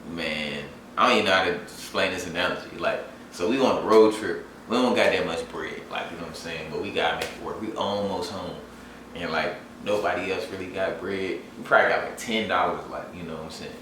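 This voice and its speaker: A young man telling a rambling, animated sports story in casual chat, full of fillers. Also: deep voice, fairly quick, a little hiss or hum. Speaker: sports fan vlogger. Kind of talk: casual storytime and game recap. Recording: echoey room, far from the mic.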